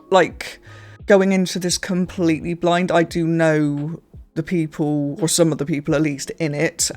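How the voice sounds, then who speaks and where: Rambling British man chatting to camera. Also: fairly high pitch. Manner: rambling, self-deprecating, full of hedges and restarts. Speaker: reaction video host. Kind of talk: casual chat to camera.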